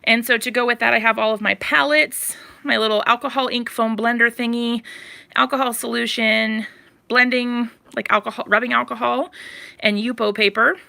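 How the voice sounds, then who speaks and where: A woman's voice: fairly high pitch, steady tone, normal speed, gravelly, sharp tone. A woman, chatting on a live stream as she tours her home craft room, slightly out of breath and rambling with fillers. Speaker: craft channel host.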